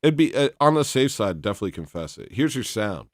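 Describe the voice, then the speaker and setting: A man hosting a casual livestream, reading donations and rambling in a deadpan, teasing, self-mocking way. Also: fairly low pitch, quick pace, a little hiss or hum.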